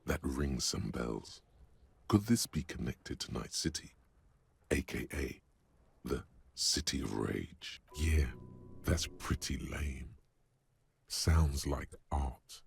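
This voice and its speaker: Man doing a gravelly rumbling game narrator. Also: animated, slow pace, long pauses, full character voice.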